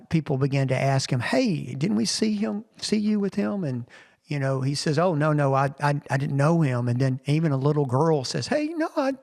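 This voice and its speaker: A pastor retells scripture conversationally for a podcast, his voice sitting a little higher than most men's. A long reverberant tail hangs after each phrase, as in a large room. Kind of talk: podcast recap of a sermon.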